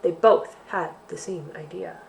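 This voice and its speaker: A woman hosting a library storytime for children, reading a picture book aloud in an expressive, sing-song way. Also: fairly low pitch, measured pace, gravelly, a little hiss or hum.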